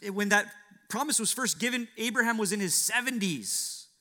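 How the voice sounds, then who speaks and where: A man's voice: high-pitched, moderate pace, sharp tone. A man preaching a sermon, acting out biblical dialogue with dramatic shifts and asking rhetorical questions.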